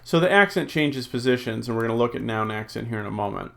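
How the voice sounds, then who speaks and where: A man teaching a recorded Greek lesson, slowly drilling word forms, reading out rules and thinking aloud with many ums and uhs. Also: medium pitch, expressive, creaky, sharp tone. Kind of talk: recorded classroom lecture.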